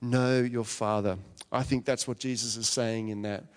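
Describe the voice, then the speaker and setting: A man's voice: mid-range voice, level tone, normal speed, clean tone. A man giving a conversational sermon, retelling a story and asking his listeners questions. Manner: chatty, asks the listeners questions. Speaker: preacher. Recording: long hall reverb.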